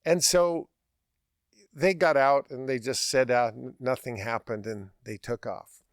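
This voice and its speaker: A man hosting a podcast, telling a story in a lively, casual way and often laughing as he goes. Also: medium pitch, no echo, studio quality. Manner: animated, laughing, quick restarts. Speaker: podcast host.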